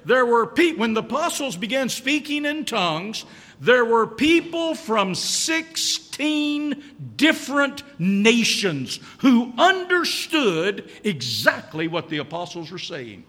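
Emphatic high-voiced male pastor preaching. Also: big pitch swings, slow pace, bright, forceful tone, long reverb tail. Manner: emphatic, repeats key lines, rhetorical questions. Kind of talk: sermon. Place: church.

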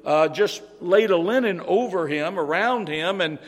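A man's voice: high voice, animated, unhurried. A man preaching a sermon in an earnest way, often repeating and restarting phrases for emphasis. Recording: long reverb of a hall.

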